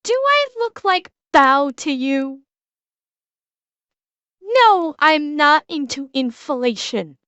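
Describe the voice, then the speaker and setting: Canadian woman streamer, high voice, dry close sound, chatty, laughs a lot, swears casually. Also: expressive, slow, long pauses, fairly bright tone, no echo, muffled recording. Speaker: streamer reacting to a video. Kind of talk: casual live-stream chat.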